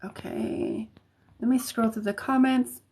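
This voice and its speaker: Chatty American woman, higher voice. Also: unhurried. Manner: chatty, hesitant, many fillers. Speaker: psychic reader on a livestream. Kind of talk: casual livestream chat.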